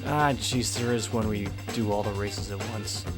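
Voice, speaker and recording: A man's voice: on the low side, normal speed. A man streaming a racing game, chatting casually with dry, grumbling remarks as he plays. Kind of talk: casual live-stream chat. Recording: game music behind the voice. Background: loud game music and engine sounds.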